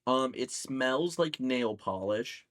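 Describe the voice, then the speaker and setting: Casual podcast co-host, man, mid-pitched, teasing storyteller. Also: expressive, slow pace, a bit bright. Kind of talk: casual chat.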